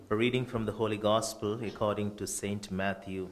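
A man, a priest, leading a funeral service with slow, measured liturgical prayers and readings. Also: lowish voice, fairly even intonation.

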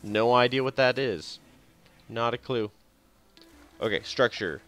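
A man with a medium-pitched, slightly bright voice speaks at an unhurried pace while casually commenting on a strategy game during a live stream. He chuckles often and mutters to himself, with faint game music playing in the background.

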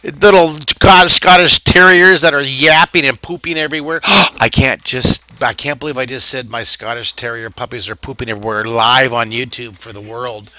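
A middle-aged man talks kids through a drawing live, chatty and playful, joking about himself as he goes. His voice is bright and forceful. It sounds dry and close. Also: mid-range voice, steady tone, moderate pace, hardly any pauses, no echo. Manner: chatty, playful, self-mocking. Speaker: drawing teacher. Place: art camp in Texas.

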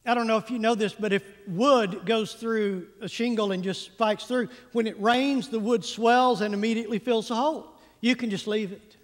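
Male pastor, animated comic storyteller, very high voice, big church-hall reverb. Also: moderate pace, hardly any pauses. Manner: animated, comic timing, stretches words for effect. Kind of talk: humorous storytelling sermon. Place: church sanctuary.

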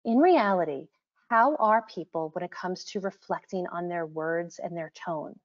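A woman's voice: fairly low pitch, a little slow. A woman presenting a webinar as an author, talking earnestly with frequent ums. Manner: earnest, frequent ums, quotes examples in lively voices. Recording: dull lo-fi webinar audio.

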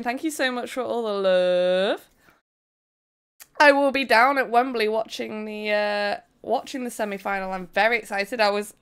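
A woman hosting a live stream, talking to her viewers in a loud, excitable way. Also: a little high, clean tone. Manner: excitable, loud, fast-shifting energy. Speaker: streamer host.

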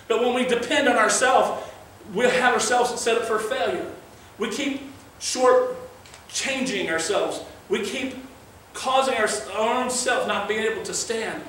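A man's voice: high voice, fairly bright tone, slight background noise. A male pastor preaching a sermon in an earnest, conversational way, weaving in scripture readings. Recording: very echoey room, mic far off.

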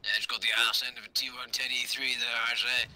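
A man's voice: mid-range voice, level tone, fast talker, pushed and bright. A man commentating a tank game in a hammy mock-posh officer manner, swearing often. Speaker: gaming commentator. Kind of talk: mock-posh gameplay banter.

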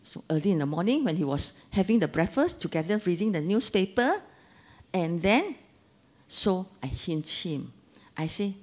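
A woman in her sixties with a Singaporean English accent gives a Dharma talk. She tells stories with a lively, swooping voice and sprinkles in local slang. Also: medium pitch, unhurried. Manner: animated storytelling with local slang. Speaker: Dharma speaker.

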